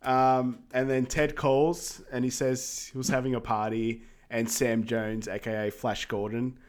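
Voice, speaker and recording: Male podcast co-host, relaxed film-recap chat, meandering delivery, ordinary middle pitch. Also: a little slow. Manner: meandering, many "um" fillers, amused.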